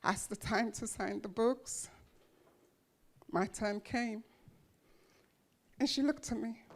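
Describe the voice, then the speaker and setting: A woman giving a motivational speech to an audience, telling her life story with emphatic, dramatic pauses and repeated phrases. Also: fairly high pitch. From grew up in a children's home. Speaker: motivational speaker.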